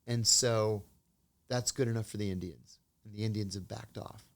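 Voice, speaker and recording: A man's voice: lowish voice, fairly even intonation. Man telling stories in an interview. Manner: measured anecdotal storytelling, acts out quoted dialogue. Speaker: guest, former intelligence officer. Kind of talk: storytelling in an interview.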